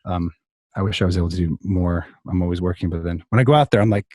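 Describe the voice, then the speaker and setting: A man's voice: low voice, fast talker, darkish tone, no room sound, clean studio sound. A man telling a long story in a casual interview over a video call, rambling with many restarts and fillers. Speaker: songwriter guest.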